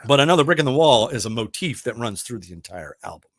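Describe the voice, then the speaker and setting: A man's voice: medium pitch, sing-song, fast talker, fairly bright tone, no echo, clean studio sound. A middle-aged man hosting a radio talk show, chatting casually and rambling with enthusiasm, full of fillers and restarts. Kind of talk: casual chat.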